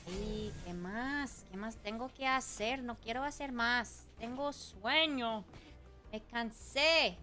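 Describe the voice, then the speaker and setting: A woman's voice: fairly high pitch, takes it slowly, sharp tone, faint music behind. A woman streaming a video game in a playful casual chat, humming and scatting to herself and drifting between languages. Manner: playful, hums and scats to herself, drifts into Spanish and German.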